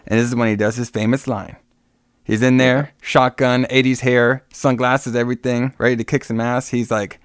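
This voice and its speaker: A man's voice: medium pitch, level tone, moderate pace, clean tone, no room sound, studio quality. A man casually retelling a film's plot scene by scene, with many fillers and asides. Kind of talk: casual movie recap chat.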